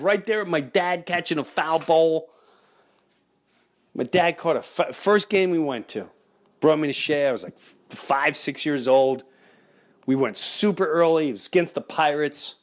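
A middle-aged man, hosting a podcast and telling a story in an excitable way, breaking into loud impressions. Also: fairly high pitch, unhurried. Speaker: podcast host. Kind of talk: animated storytelling.

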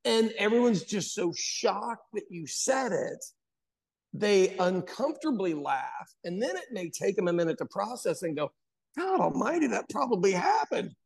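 Gravelly-voiced American man telling stories. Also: high voice, a little slow. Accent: General American. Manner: animated storyteller, mimics voices in anecdotes. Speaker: podcast host. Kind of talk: casual chat.

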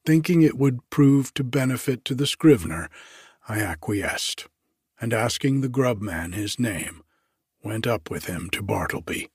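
A man giving a measured first-person reading of a literary story as an audiobook narrator. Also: medium pitch, lively intonation, a little mellow, husky, no echo, studio quality.

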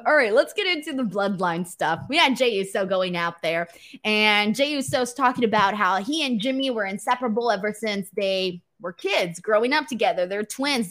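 A young woman hosting a wrestling post-show, chatting casually and reading viewer comments, excitable and laughing often. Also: fairly high pitch. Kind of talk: casual solo commentary reading live chat.

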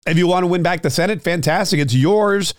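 A man hosting a solo political commentary show, talking straight to his listeners with many fillers and restarts, his throat a little rough. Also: high voice, a little fast, no echo, studio quality. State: clearing his throat, slightly choked up. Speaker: political podcast host.

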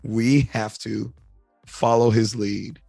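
A man co-hosting a podcast, casually retelling story scenes and acting out character lines in high voices. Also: flat delivery, slow pace, gravelly, mellow, no room sound, studio quality, soft background music. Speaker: podcast co-host.

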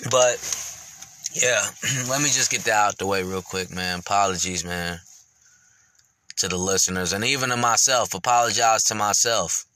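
A man's voice: lowish voice, unhurried, pauses often, pushed and bright. A man hosting his podcast, speaking candidly and reflectively, rambling with lots of fillers and casual swearing. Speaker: podcast host.

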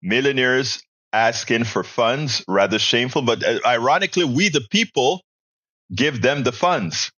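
With lively intonation and a slightly bright, mid-range voice, a man hosts a casual live call-in podcast, reading out listener comments and answering opinionatedly. He talks at a moderate pace, and the recording is dry.

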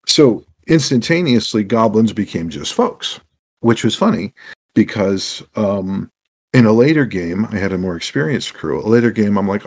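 A man telling animated stories as a podcast guest about running tabletop games, acting out what his players said. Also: on the low side, moderate pace, breathy edge. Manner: animated, acts out quoted players. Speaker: podcast guest, game master. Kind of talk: anecdotal interview storytelling.

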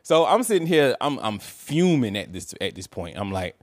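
A man's voice: medium pitch, normal speed, no room sound, clean studio sound. A man, co-hosting a podcast and telling a casual story, laughing and acting out what people said. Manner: animated, laughing, acts out quotes. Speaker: podcast co-host.

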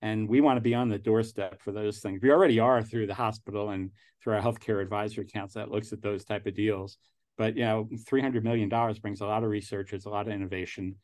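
A man's voice: on the low side, fairly even intonation, fast talker, darkish tone. Rambling New York man in his sixties. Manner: rambling, with frequent restarts. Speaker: angel investor guest. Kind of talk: casual interview talk.

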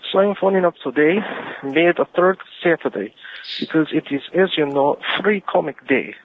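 A man's voice: fairly high pitch, normal speed. A man from the United Kingdom leaving a joking call-in message while putting on a comic Eastern European accent. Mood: playful. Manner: jokey, rambling, talks in points. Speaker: caller. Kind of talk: phoned-in voicemail. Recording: phone line.

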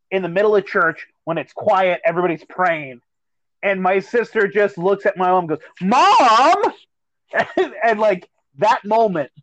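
Loud, profane man with a high voice. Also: no room sound, lo-fi sound. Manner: profane, animated storytelling. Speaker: podcast co-host. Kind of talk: casual chat.

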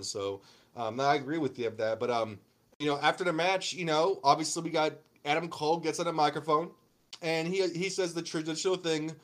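Young guy rambling about wrestling, cusses a lot, voice a bit high. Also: brisk. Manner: rambling, profane, many restarts and fillers. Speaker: podcast co-host. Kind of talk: casual wrestling recap chat.

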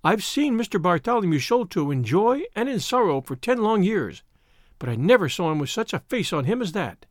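A man's voice: sits high, very animated, normal speed, dry recording, clean studio sound. A man voicing a frightened, tearful old female housekeeper in a pleading, trembling way. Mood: frightened, urgent.

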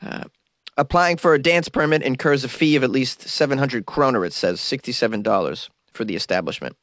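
A man's voice: medium pitch, a little fast, fairly bright tone, no room sound, clean studio sound. A man with a cold reading news items aloud and mocking them in wry comic commentary. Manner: wry, mocking asides between read-outs. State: has a cold. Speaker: host.

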